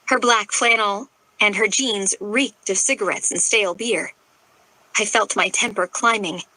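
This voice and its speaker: A woman's voice: medium pitch, unhurried, sharp tone, no room sound, poor audio. A woman narrating a romance audiobook in the first person, with emotional, dramatic delivery.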